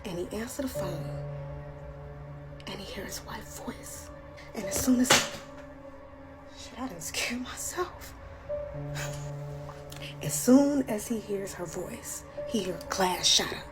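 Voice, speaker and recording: A woman telling a scary story in a casual, colloquial way, slipping into hushed whispers at the tense parts. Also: mid-range voice, animated, a little slow. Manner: colloquial, chatty. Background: background music.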